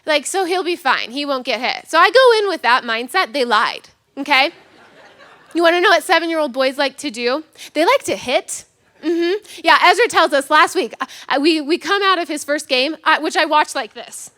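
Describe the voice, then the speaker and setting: Woman pastor, thirties, high voice, bouncy animated delivery, acts out quotes, self-mocking. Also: brisk. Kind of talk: sermon with personal story.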